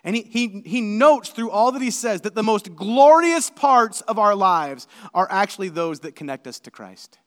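A male preacher delivers an animated sermon in a fairly high voice, building his points into emphatic, shouted lists. The sound rings out with the long reverb of a large hall. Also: normal speed, hardly any pauses. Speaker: pastor.

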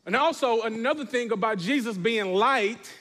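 A man's voice: very high-pitched, moderate pace, a bit bright, long reverb tail. A man preaching a sermon as pastor, reading scripture and calling on the congregation to respond. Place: church.

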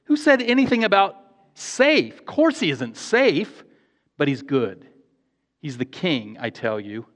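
A man voicing a gruff, insistent talking beaver while reading from a storybook. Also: fairly high pitch, big pitch swings, measured pace, a bit bright. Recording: echoey hall, dull lo-fi sound.

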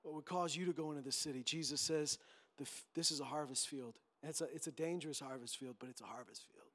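Male pastor, high-pitched, fervent sermon delivery, acts out quotes. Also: quick pace, a bit bright. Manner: impassioned, emphatic preaching with acted-out quotes.

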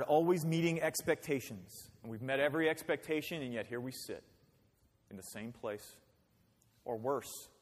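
Man, pastor, conversational sermon, acted-out quotes, rhetorical questions, husky voice. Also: a little high. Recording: long hall reverb.

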